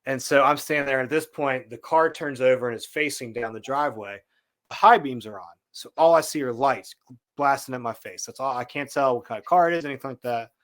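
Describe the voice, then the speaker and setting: A man as a podcast guest, telling a story in a casual, animated way and acting out what people said. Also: mid-range voice, a little fast. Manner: animated storyteller, acts out quotes.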